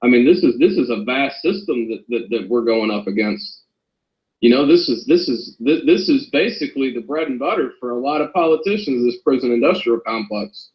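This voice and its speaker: A man's voice: mid-range voice, lively intonation, a little fast, roomy sound, lo-fi sound. A man, a former corrections officer, speaking as an interview guest, earnest and polite. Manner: earnest, polite, addresses host as ma'am. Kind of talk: interview over a call.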